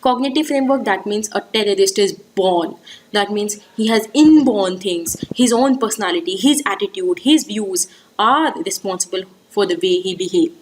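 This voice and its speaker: A woman's voice: medium pitch, normal speed, slight background noise, low-quality recording. A woman with an Indian English accent giving an exam-prep lecture, explaining step by step and repeating key points with frequent fillers.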